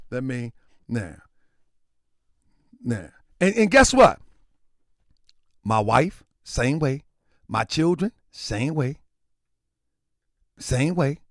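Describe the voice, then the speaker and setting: A medium-pitched man hosts a livestream in a dry recording with clean studio sound. He talks casually but gets animated and preachy, often raising his voice to a shout.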